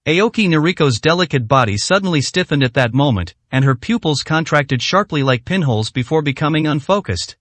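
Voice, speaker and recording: A man narrating a dramatic story in a scripted, expressive reading. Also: a little high, brisk, hardly any pauses, no room sound.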